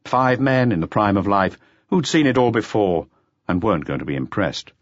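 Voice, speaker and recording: A man with a low voice narrates a mystery audiobook in measured, expressive tones. His delivery rises and falls in a lively way. The recording is close, dry and slightly lo-fi. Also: no echo. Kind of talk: scripted narration.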